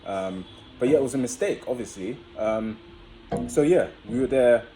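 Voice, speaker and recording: Mellow-voiced young man telling a story. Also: mid-range voice, animated, normal speed, a little hiss or hum, rough recording. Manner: chatty, addresses viewers as guys, many fillers. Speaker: vlogger. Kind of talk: casual storytelling to camera.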